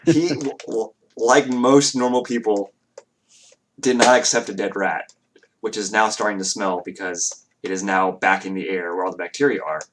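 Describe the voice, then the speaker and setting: A man narrates as game master in a tabletop game, casual and halting, with lots of fillers. His voice sits on the low side. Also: fairly even intonation, fairly bright tone.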